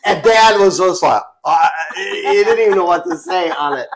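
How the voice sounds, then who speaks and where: A man with a notably high speaking voice chats casually on a family podcast. He tells his stories with animated energy and keeps breaking into laughter as he goes. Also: normal speed. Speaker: podcast co-host.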